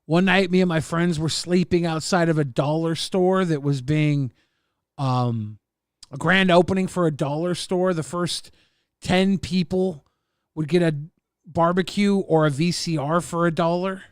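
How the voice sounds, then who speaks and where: A man hosting a livestream, casually reading viewer messages and rambling with plenty of swearing in a deadpan way. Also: fairly high pitch, unhurried, smooth, dry recording, clean studio sound. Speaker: stream host.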